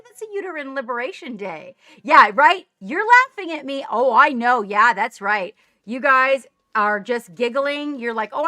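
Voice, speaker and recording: Bubbly woman streamer, higher voice with a bright edge, chatty and self-mocking, over faint music. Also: no echo. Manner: bubbly, chatty, laughs at herself. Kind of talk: casual live-stream chat. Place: home studio.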